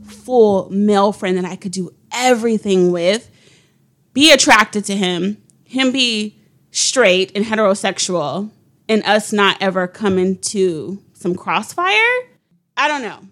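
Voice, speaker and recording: A woman's voice: medium pitch, a little slow, a bit bright. A woman co-hosting a podcast, talking things through reflectively with lots of fillers. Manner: reflective, chatty, lots of "like" and "you know". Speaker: podcast co-host. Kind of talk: casual chat.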